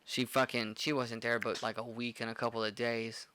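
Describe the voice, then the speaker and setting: Young male bartender, foul-mouthed rambling storyteller, bright voice. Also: mid-range voice, level tone, normal speed, clear, resonant tone. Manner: profane, rambling with many "like" fillers. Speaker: podcast co-host, bartender. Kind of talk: casual storytelling chat.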